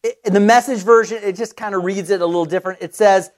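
Lively middle-aged male preacher storytelling. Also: high-pitched. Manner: lively, conversational, animated storytelling with quick restarts. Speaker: pastor. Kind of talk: sermon with personal storytelling.

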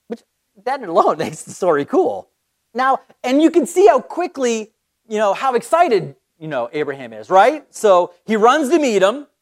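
An excited Bible teacher leads a casual study, with a voice that rises and falls a lot. The talk is loose and conversational, full of quick restarts and asides to the listener. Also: mid-range voice. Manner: enthusiastic, conversational, with frequent restarts.

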